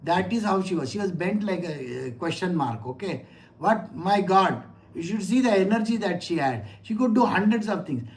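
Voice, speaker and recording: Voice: medium pitch, lively intonation, normal speed. Middle-aged scripture teacher. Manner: conversational, asks listeners rhetorical questions and tells personal anecdotes. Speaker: spiritual teacher. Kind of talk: scripture lecture.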